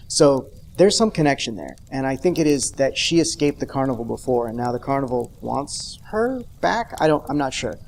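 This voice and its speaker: Over slight background noise, a man with a mid-range voice reviews a TV episode without a script. He rambles conversationally through the casual monologue, adding wry asides.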